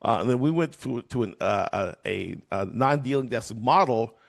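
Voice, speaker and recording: Middle-aged male guest, chatty storyteller, animated, loose and filler-heavy. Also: medium pitch, moderate pace. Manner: animated, acts out voices, many fillers. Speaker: guest, trading educator. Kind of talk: storytelling in an interview.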